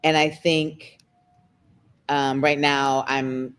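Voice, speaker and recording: A woman, a guest talking candidly in an interview, emotional and close to tears, her pace speeding up and slowing down. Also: rumbling low, clear, resonant tone. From United States. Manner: emotional, expressive, quick shifts in pace. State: near tears.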